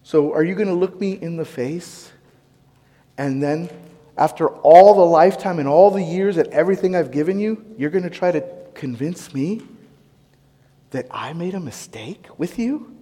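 A male preacher voicing God as a sorrowful father, quietly questioning a wayward child during a sermon. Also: on the high side, normal speed, in a large hall, natural voice. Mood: grieved, hushed. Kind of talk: sermon role-play.

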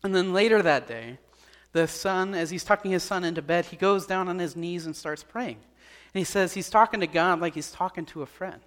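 High-voiced pastor in an echoing church. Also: male voice, moderate pace, fairly bright tone. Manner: earnest, repeats key points, small restarts. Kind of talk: sermon. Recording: long hall reverb.

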